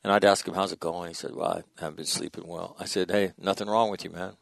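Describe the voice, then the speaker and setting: A former military officer, appearing as a podcast guest, tells a war story bluntly and profanely, dropping to a hush whenever he quotes someone. His low, gravelly voice keeps a fairly even intonation at a quick pace, with no echo.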